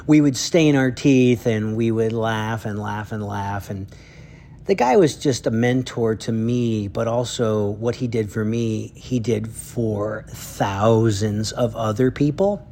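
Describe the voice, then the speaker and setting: A man's voice: on the low side, slow pace, warm tone, slight background noise. Earnest man telling a tribute story. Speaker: drummer and educator. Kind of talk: heartfelt spoken tribute.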